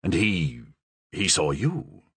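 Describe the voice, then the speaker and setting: A man doing a low, guarded old cardinal. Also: very animated, slow pace, fairly bright tone, slightly rough, no echo, heavily acted. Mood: measured. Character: shrewd, guarded older male cardinal.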